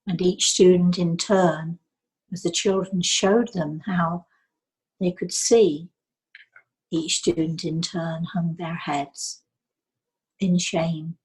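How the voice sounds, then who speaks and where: Slow, breathy older woman. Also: fairly low pitch, level tone, low-quality recording. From England. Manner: slow, soft, dips into near whispers. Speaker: psychic medium. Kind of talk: storytelling.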